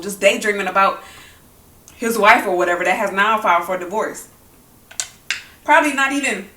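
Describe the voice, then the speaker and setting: A woman ranting while she eats on camera, blunt and heated, with plenty of cursing. Her voice is bright and sharp. She sits some way from the mic, and the room rings with echo. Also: mid-range voice, far from the mic. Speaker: mukbang vlogger. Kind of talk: angry opinion talk while eating.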